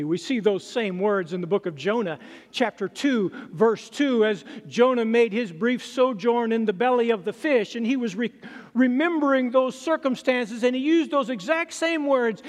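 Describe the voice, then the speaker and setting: Pastor guy preaching, really high voice, slow dramatic scripture reading, long church-hall echo. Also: expressive. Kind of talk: sermon. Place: church sanctuary. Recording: reverberant hall.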